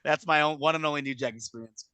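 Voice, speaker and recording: Man, thirties, casual storyteller, bright forceful voice, dry close sound, animated and profane. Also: fairly high pitch, fast, clear, resonant tone, dry recording. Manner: animated, acts out quotes in exaggerated voices, profane. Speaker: podcast guest telling a wrestling story.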